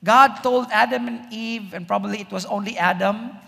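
A man's voice: high voice, moderate pace, creaky, bright, forceful tone. A man preaching a sermon as pastor, emphatic, often asking the congregation rhetorical questions. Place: church. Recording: reverberant church hall.

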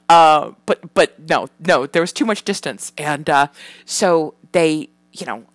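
A woman with a low voice talks frankly and at length to the camera. She swears freely, trails off and restarts with many fillers. The sound is close and dry. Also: a little slow, dry recording. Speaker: parent. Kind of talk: candid personal vlog.

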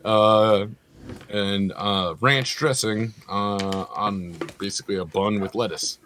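A man's voice: fairly low pitch, fairly even intonation, takes it slowly, fairly bright tone, slight background noise. A man co-hosting a casual food chat, joking, swearing and laughing often. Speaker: podcast co-host.

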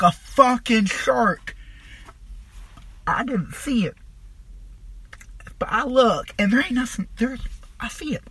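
Husky, bright-voiced young man telling a wild story. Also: sits high, no echo. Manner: profane, rambling, animated retelling. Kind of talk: casual storytelling monologue.

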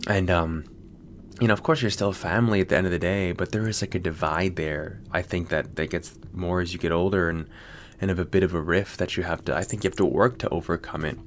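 A man's voice: sits low, steady tone, quick pace, a little hiss or hum. An American man hosting a podcast, rambling casually with lots of fillers and swearing. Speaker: podcast host. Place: Sydney.

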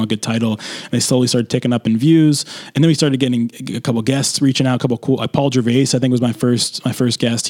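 Fast-talking young man telling a story. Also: mid-range voice. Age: young adult. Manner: rambling, lots of fillers, animated quoted asides. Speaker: host. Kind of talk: casual storytelling.

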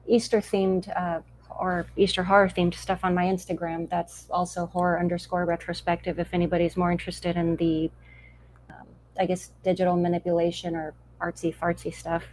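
A woman guesting on a casual live-stream chat, halting and self-deprecating, tripping over her words. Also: fairly low pitch, flat delivery, darkish tone, low-quality recording. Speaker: guest horror reviewer.

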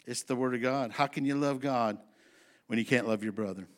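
A man's voice: mid-range voice, brisk. Folksy, emphatic male preacher. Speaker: pastor. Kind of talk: sermon.

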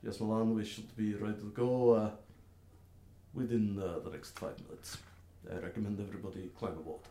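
A man voicing a tall, serious male fire genasi who speaks gravely and formally. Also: on the low side, fairly even intonation, fairly quick, dark tone, a little hiss or hum, natural voice. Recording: roomy echo.

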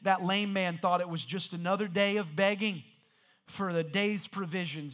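A male pastor preaching a sermon in rhythmic, repeated phrases that build to shouted peaks. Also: high voice, fairly even intonation, moderate pace.

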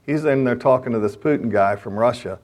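A man's voice: medium pitch, a little fast, darkish tone. A middle-aged man giving a sermon-style talk to men, telling stories and rising to fervent prayer. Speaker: chaplain speaking to men.

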